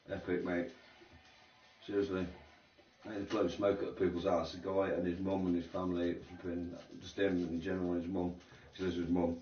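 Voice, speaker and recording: A middle-aged man with a low-pitched voice, sitting far from the mic, rambles casually in slang and swears while streaming a racing game. The home mic sounds roomy and dull.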